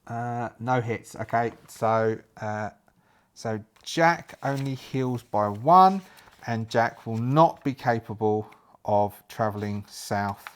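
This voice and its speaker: A man's voice: medium pitch, takes it slowly, clean tone. A man narrating his solo tabletop game, talking through dice rolls and rules aloud.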